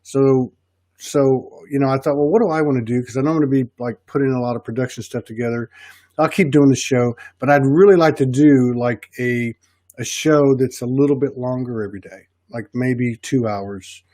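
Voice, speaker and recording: A man's voice: mid-range voice, normal speed, mellow, no echo. Rambling Southern man, dry sound. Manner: rambling, many restarts. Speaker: podcast host. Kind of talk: casual chat.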